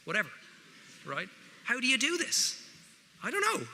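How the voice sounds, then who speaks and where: A man's voice: very high-pitched, wildly swooping pitch, moderate pace, vocal fry, long pauses, sharp tone. A man with an Irish accent giving a speech to students, wry and conversational with jokey asides, in a large hall. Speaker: guest speaker. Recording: reverberant hall, faint noise.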